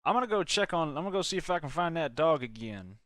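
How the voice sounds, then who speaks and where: A man's voice: fairly high pitch, fast, no room sound, clean studio sound. A man voicing a friendly rural hunter with a Southern accent, giving plain advice. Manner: folksy, relaxed, gives plain advice. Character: easygoing rural hunter man, helpful guide.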